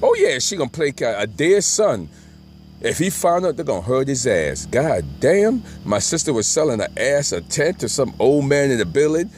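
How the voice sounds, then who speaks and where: A man's voice: medium pitch, very animated, moderate pace, a little mellow, soft background music. A middle-aged man telling a rambling, profane story and often asking "right?". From Brooklyn, New York.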